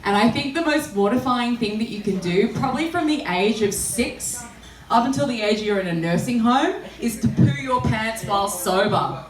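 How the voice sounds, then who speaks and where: A stand-up comedian with a fairly high, expressive voice at a moderate pace tells crude, self-deprecating stories, often laughing through her lines. She's in a small live venue, recorded far from the mic in a roomy space, with the audience laughing and reacting.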